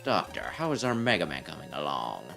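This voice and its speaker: A cold male villain leader from a video game issues orders in a low, hushed voice. He is calm and fully in command, voiced by a man over faint music. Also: fairly quick, creaky, exaggerated voice. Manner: calm, quiet, authoritative.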